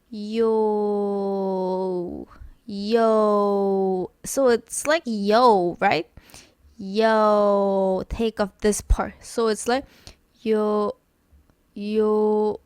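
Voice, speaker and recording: A woman whose first language is Korean teaches pronunciation in English at a very slow, deliberate pace. She stretches each example sound, says it again and again, and fills the gaps with fillers. Her voice is dry and close, with little room sound. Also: medium pitch, no room sound. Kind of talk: slow, repetitive pronunciation lesson.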